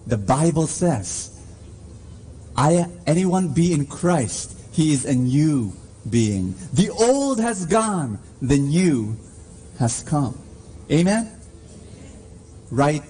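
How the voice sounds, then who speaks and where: A man preaching a sermon in a church, slow and emphatic, calling to the congregation for responses. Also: medium pitch, dark tone, slight background noise.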